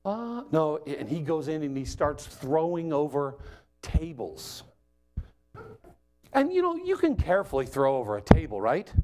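A male guest preacher gives a lively sermon in a chatty, humorous style. His voice sits notably high. He talks to the congregation as if telling a story among friends. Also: measured pace, soft background music. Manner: animated, joking, conversational.

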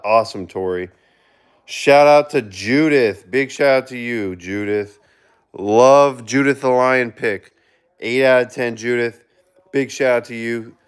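A man hosting a casual live stream, reading viewer comments aloud and giving shout-outs, earnest with sudden excited outbursts. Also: mid-range voice, smooth. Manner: reads chat aloud and gives quick shout-outs. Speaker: livestreamer reading viewer chat.

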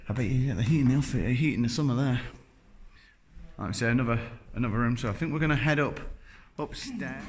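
In a low-quality recording, a vlogger in his thirties talks fast at medium pitch while filming a casual tour through a large, empty indoor building. His commentary is wry and self-deprecating.

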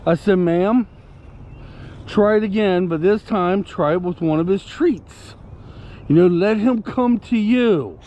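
A man's voice: sits high, takes it slowly, dark tone, a little hiss or hum. A man telling a story casually to camera, indignant and rambling, breaking off to give commands to his puppy. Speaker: vlogger.

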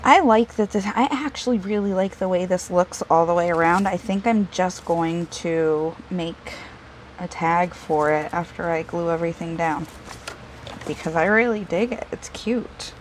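Woman, craft vlogger, lower voice, rambling and self-deprecating, thinks out loud as she works. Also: steady tone, normal speed, slight background noise, rough recording. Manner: chatty, self-deprecating, talks to herself while working. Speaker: craft video host. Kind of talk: casual crafting tutorial.

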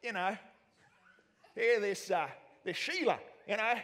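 A man doing a laid-back country bloke with a broad Australian accent, drawling folksy talk that rides up high. It rings out with a long echo through a church hall. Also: a little slow, a bit bright. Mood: easygoing.

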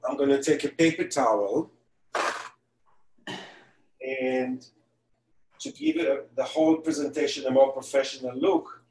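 A man's voice: medium pitch, darkish tone. Male celebrity chef demoing a cake live from his home kitchen, chatty and joking, heard from a distance. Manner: chatty, joking asides while working. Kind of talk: live online baking demonstration. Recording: echoey kitchen, distant mic.

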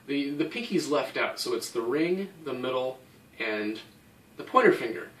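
A man teaching a hand-drum technique, explaining each step patiently and counting the beats aloud. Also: fairly high pitch. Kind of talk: instructional explanation. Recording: echoey room, somewhat far from mic. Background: drum playing.

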